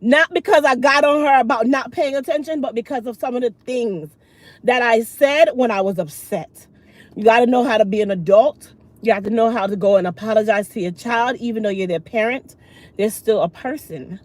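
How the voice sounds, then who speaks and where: A woman's voice: a little high, fairly quick, no echo. A middle-aged woman, telling viewers a long story in casual chat and acting out the people in it. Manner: animated, acts out the other people in the story. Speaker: vlogger and channel host.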